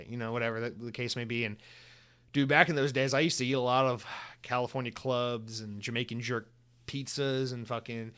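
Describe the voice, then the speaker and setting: A man's voice: medium pitch, fairly bright tone. A young man from the United States hosting a solo podcast, rambling in casual chat and swearing often. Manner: rambling, swears a lot, many restarts. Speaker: podcast host.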